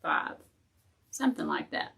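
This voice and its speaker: A woman's voice: unhurried, a bit bright. A woman hosting a casual live crafting tutorial. She thinks aloud as she works and chats with viewers and her dog.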